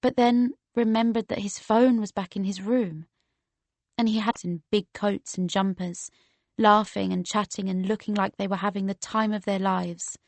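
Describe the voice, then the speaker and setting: A woman's voice: medium pitch, steady tone, moderate pace, darkish tone, no room sound. Woman narrating an audiobook, dry sound. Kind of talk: first-person audiobook narration.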